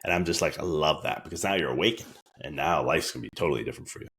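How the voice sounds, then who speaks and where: A man with a very low, deep voice delivers a heartfelt motivational podcast talk. He speaks earnestly and with emphasis, and he often says a key line twice. When he acts out his own thoughts, his voice leaps far higher. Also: rapid-fire, fairly bright tone, breathy edge. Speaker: wellness speaker.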